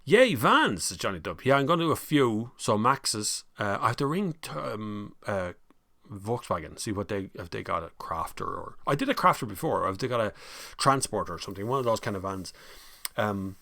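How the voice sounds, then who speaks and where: Gravelly Irish man chatting casually. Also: lowish voice, animated, moderate pace, pushed and bright, dry recording. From Ireland. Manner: chatty and rambling, laughs easily. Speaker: motoring live-stream host. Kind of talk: casual live-stream chat reading viewer comments.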